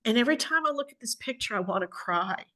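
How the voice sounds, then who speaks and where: An older woman, an author, telling a personal story at home in a lively, chatty way and acting out what people said. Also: on the high side, fast. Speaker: author and guest speaker. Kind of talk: conversational storytelling talk.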